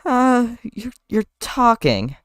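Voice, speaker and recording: A man voicing a startled, kind young woman in a higher put-on voice. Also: big pitch swings, slow pace, clear, resonant tone, full character voice.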